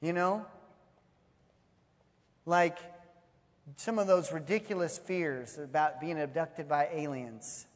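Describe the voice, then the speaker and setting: A man preaching a sermon, telling stories in an animated way and acting out the voices. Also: on the high side, slow, pauses often. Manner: animated storytelling, acts out voices. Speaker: pastor. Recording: long hall reverb.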